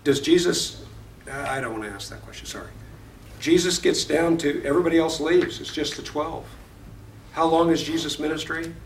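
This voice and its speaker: A man's voice: a little high, normal speed, vocal fry, slight background noise. A man teaching a Bible study class, reading verses aloud, explaining them and putting questions to the class. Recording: echoey room, voice far from the mic.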